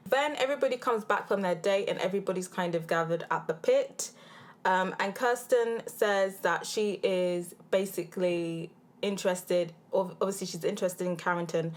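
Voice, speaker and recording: Blunt, slangy British woman recapping reality TV. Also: mid-range voice. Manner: blunt, animated, slangy, exasperated at the cast. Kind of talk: casual opinionated TV recap. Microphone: handheld field recorder.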